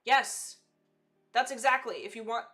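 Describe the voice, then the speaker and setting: A woman's voice: a little high, fairly even intonation, unhurried, bright, forceful tone. A woman hosting a casual live digital-painting demo, chatty and self-teasing, with frequent fillers and asides. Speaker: digital artist and livestream host.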